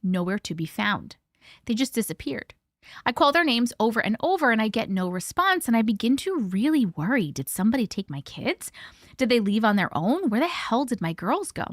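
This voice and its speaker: Profane, expressive woman reading stories. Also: on the high side, moderate pace, no echo, clean studio sound. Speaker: host reading listener stories. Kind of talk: live-stream story reading.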